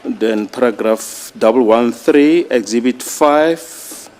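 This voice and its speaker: A man addressing a judge in a courtroom, reading out exhibits in a formal, deliberate way. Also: mid-range voice, darkish tone. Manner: slow, deliberate, reads exhibit lists. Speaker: prosecutor.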